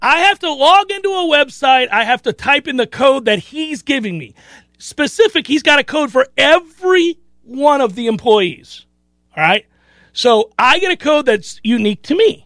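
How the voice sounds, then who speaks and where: High-voiced animated radio host. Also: male voice, normal speed, no room sound, clean studio sound. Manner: animated storyteller who acts out other people's lines. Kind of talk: casual storytelling on a talk show.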